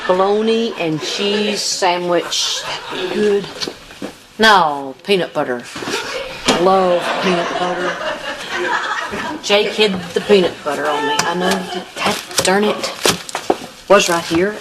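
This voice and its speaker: An actress playing a sharp-tongued mother who mutters to herself in a deadpan way on a sitcom stage. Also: on the low side, slow, long pauses, very noisy. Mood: muttering. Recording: sitcom stage with audience laughter.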